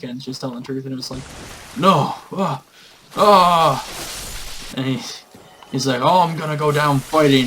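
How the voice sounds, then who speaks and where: A man casually retelling a tabletop game session. He rambles, with lots of fillers, at a middling pitch. Faint background noise sits behind his voice. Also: fairly bright tone, rough recording. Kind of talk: casual storytelling.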